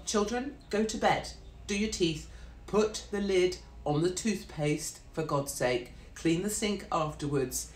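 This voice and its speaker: A woman, hosting a blunt, profane and mocking ranting monologue. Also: low voice. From Britain. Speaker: host. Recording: echoey room.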